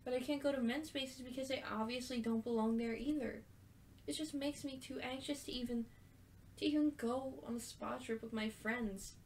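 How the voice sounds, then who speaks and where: A woman reading aloud the lines of a hurt but gentle young woman from a story game, in an earnest voice. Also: sits high, steady tone, moderate pace, slight background noise. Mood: upset.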